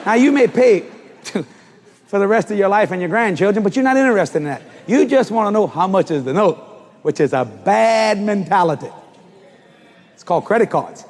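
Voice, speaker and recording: Animated preacher man in a reverberant hall. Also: on the high side, husky. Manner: animated, shouting in acted-out dialogue. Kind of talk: sermon storytelling.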